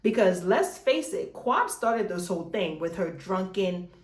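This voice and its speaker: A woman's voice: medium pitch, measured pace, reverberant. A woman recapping a reality show in casual chat, swearing freely and acting out the dialogue. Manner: animated, swears freely, retells scenes with dialogue. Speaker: recap host.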